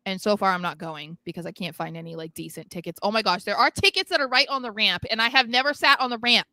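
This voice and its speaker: A young woman chats excitedly on a podcast, often giggling and rambling as she gets carried away. Her voice is bright and forward. The sound is dry and close. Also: mid-range voice, fast talker, no echo. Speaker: podcast co-host. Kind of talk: casual chat.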